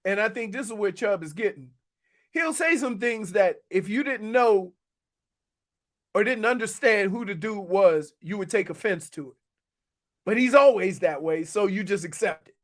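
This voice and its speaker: A high-pitched male co-host on sports talk radio, telling animated stories from his playing days. He laughs often and talks in a loose, easy way. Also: normal speed. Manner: animated storyteller, laughs a lot. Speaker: radio co-host, former pro football player.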